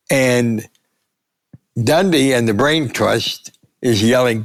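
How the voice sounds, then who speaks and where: Older male storyteller, gravelly, lively anecdotes with acted-out quotes. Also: mid-range voice, normal speed, no echo, studio quality. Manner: animated anecdotes, acting out quotes. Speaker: sportswriter guest. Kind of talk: storytelling interview.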